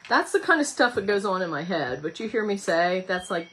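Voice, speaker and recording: A woman's voice: medium pitch, very animated, a little fast, a bit bright, slight background noise. A woman, chatting, giggling and rambling as she hosts a home craft livestream and reads viewer comments. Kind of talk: casual chat while crafting.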